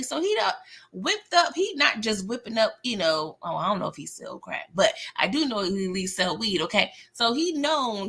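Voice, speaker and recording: A woman's voice: fairly high pitch, sharp tone. A young adult woman recapping a TV episode in a chatty, slangy way, laughing often and talking to viewers as y'all. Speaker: TV recap vlogger. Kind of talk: casual recap talk.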